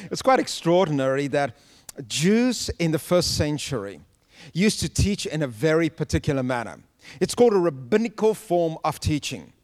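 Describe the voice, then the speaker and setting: A man preaching a sermon to a congregation, animated and humorous, often laughing as he tells stories. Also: on the high side, in a large hall. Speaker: pastor.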